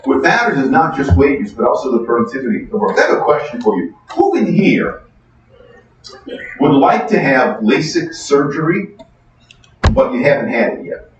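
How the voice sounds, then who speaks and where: A middle-aged man giving a university economics lecture, conversational and animated, asking the class questions, recorded from far off in a large lecture hall. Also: a little high, moderate pace, slight background noise. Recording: distant echoey hall, dull sound.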